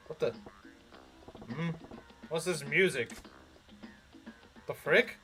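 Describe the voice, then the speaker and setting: A man's voice: on the high side, takes it slowly, bright, forceful tone, soft background music. A young man giving laid-back, amused commentary while playing a game. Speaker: gamer. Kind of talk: casual let's play commentary.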